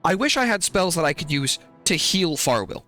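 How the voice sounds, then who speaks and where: A man's voice: a little high, very animated, normal speed, sharp tone, soft background music. A man streaming a video game, commenting live and pleading and swearing at the characters on screen.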